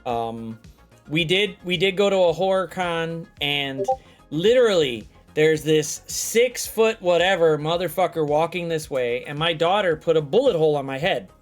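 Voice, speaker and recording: High-pitched guy hosting a chat, swears a lot, animated storytelling. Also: normal speed, soft background music. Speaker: host. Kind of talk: casual chat.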